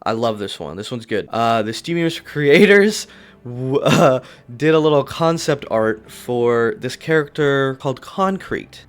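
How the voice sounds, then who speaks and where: A man's voice: medium pitch, a bit bright. Sarcastic, foul-mouthed man ranting. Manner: crude, sarcastic, rambling with frequent swearing. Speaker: commentary YouTuber. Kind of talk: casual cartoon commentary vlog.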